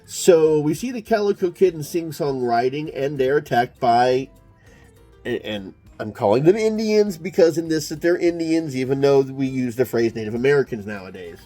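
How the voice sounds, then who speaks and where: Male comics reviewer with a mellow, slightly high voice, chatty and joking, faint music underneath. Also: expressive, moderate pace. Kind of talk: casual commentary while reading a comic.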